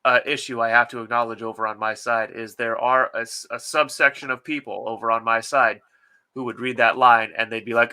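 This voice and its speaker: Man, casual podcast co-host, blunt, swears, very bright tone. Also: mid-range voice, flat delivery, brisk. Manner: blunt and emphatic, swears freely.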